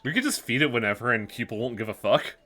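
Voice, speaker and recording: A man's voice: mid-range voice, lively intonation, fast talker, bright, forceful tone. A man streaming a game, chatting casually and swearing freely. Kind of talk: casual chat while playing a game.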